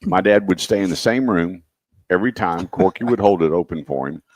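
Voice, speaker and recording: A man hosting a radio show, telling stories with lively quoted voices. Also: sits low, brisk, no echo. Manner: animated storyteller, acts out quotes. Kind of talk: casual radio chat.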